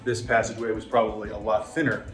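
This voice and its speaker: A man's voice: on the low side, little pitch movement, quick pace. A man giving a casual travel vlog tour inside a pyramid, chatty and explaining as he walks. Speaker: travel vlogger and tour guide. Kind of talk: casual on-location tour commentary. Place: inside narrow stone passages of a pyramid. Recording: echoey stone interior with music behind. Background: background music.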